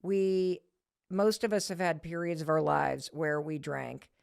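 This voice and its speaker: A woman's voice: deep voice, flat delivery, measured pace, gravelly, darkish tone, clear, resonant tone, no room sound, clean studio sound. A middle-aged woman hosting a casual conversation, candid and self-deprecating, swearing freely as she talks things through. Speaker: podcast host.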